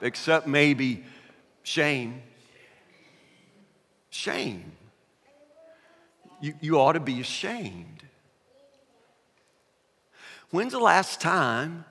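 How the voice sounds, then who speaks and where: Older preacher, chatty storytelling, bright high-ish voice. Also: male voice. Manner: chatty, self-deprecating storytelling with asides. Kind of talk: sermon with humorous personal story. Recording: echoey hall.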